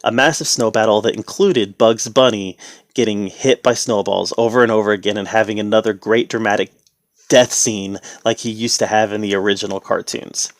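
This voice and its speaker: A man giving a casual spoken review, relaxed and conversational, with the odd sarcastic aside. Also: on the low side, moderate pace, no room sound.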